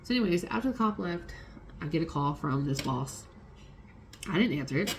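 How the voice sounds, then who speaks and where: A young woman vlogger telling a personal story in a casual, animated way, swearing freely and acting out the people she quotes. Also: low-pitched, moderate pace, long pauses, slight background noise.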